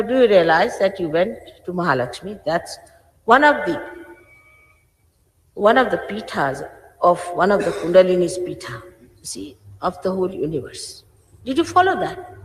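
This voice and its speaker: A woman in her sixties, a spiritual teacher addressing her followers in a stern, scolding manner. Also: mid-range voice. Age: 60s. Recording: roomy archive recording with long hall reverb.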